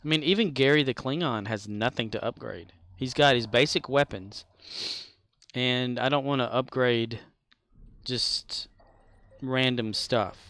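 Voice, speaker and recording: A man's voice: mid-range voice, measured pace, a bit bright, no echo. Sleepy, laid-back male game streamer. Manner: laid-back, drawling, answers chat. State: sleepy, keeps yawning. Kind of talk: casual chat while playing.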